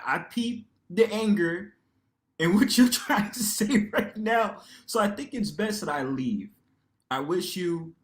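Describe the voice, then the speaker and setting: A man hosting a livestream panel, talking casually in a loud, expressive way, full of slang and rhetorical tags. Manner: loud and expressive, lively pitch swings.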